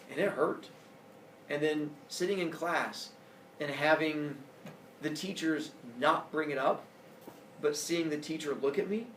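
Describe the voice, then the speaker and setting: An earnest man from Indiana telling a personal story to campers, halting now and then with fillers. His voice is somewhat high with a gravelly texture. The recording is echoey, picked up from a distance over faint ambience. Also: slight background noise. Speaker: camp storyteller.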